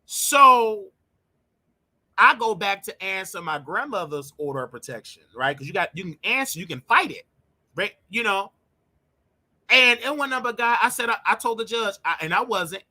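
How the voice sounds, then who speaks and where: A man hosting his show, telling a personal story in an emotional, animated way and often repeating himself. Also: high-pitched. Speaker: show host.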